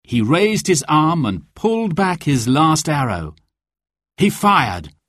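A man reading a storybook aloud as narrator, with expressive, clear and careful delivery. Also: a little high, slow, dry recording, clean studio sound.

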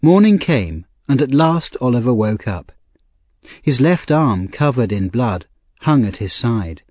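A male narrator reads a classic story with a lively, rising and falling delivery. His voice has a slightly husky grain, and it is recorded close and dry with no room sound. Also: medium pitch, unhurried, no room sound. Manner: expressive, clear storytelling. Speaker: audiobook narrator.

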